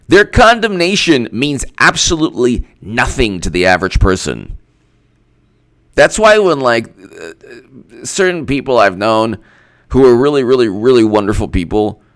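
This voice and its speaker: A male political commentator speaks off the cuff in a sarcastic, mocking tone and breaks into laughter often. His voice is smooth and resonant, and his pitch rises and falls a great deal. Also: sing-song, a little slow, a bit bright, dry recording.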